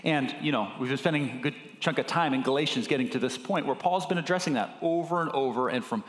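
A man's voice: medium pitch, fast talker. A middle-aged male pastor preaching a sermon in a conversational way, with fillers and restarts. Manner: gets emotional speaking of his children. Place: church sanctuary. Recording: echoey church hall with long reverb.

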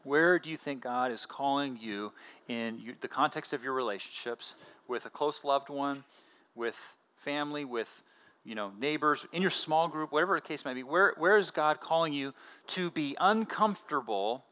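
A man in his thirties, a pastor giving a conversational sermon with casual fillers and animated emphasis. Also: medium pitch, moderate pace, clean tone.

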